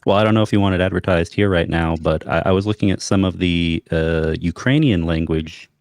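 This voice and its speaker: Deep-voiced co-host in relaxed chat. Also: male voice, fairly quick, dry recording, studio quality. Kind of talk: casual livestream chat.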